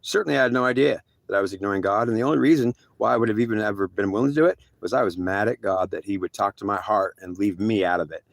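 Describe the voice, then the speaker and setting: A man's voice: on the low side, fast, gravelly, few pauses, dry recording. A man telling a rambling first-person story with slangy asides, acting out the dialogue in a raised voice. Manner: acts out quoted dialogue in a raised voice.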